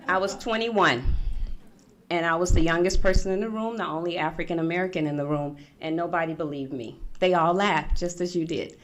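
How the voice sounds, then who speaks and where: At a forum in a conference room, a middle-aged woman tells an audience a personal story, animatedly acting out the voices of the people and past conversations in it. Her voice is fairly low, and her pace is moderate.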